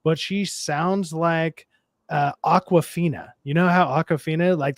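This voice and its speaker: A man with a low, raspy voice in a casual podcast chat, rambling and swearing through a movie review. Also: steady tone, measured pace, no room sound, studio quality. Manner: profane, rambling, wry.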